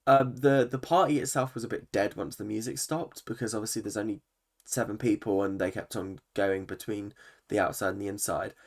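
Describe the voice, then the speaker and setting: This man's lowish, creaky voice runs a little fast as he delivers his reaction commentary. A vlogger, he recaps a reality TV episode with strong opinions, lots of swearing, and plenty of animation.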